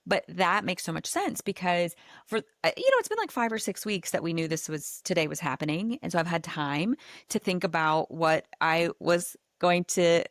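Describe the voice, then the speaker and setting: A lowish-voiced woman hosts a podcast and talks through a personal story, animated and chatty, with "like" scattered through her sentences. Her close mic sounds dry, with almost no room around her voice. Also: moderate pace, no room sound. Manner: animated, chatty, heavy use of filler "like". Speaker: podcast host. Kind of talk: casual storytelling chat.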